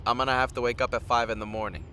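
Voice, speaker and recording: A man's voice: medium pitch, flat delivery, rapid-fire, pushed and bright, slight background noise. A tired man hosting a live stream outdoors, rambling casually and chatting straight to his viewers. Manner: rambling, chats directly with viewers. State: tired from little sleep.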